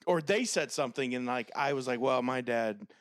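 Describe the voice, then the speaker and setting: A man co-hosting a podcast, telling stories in casual chat with frequent laughter and dark jokes. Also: mid-range voice, normal speed, dry recording, clean studio sound. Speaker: podcast co-host.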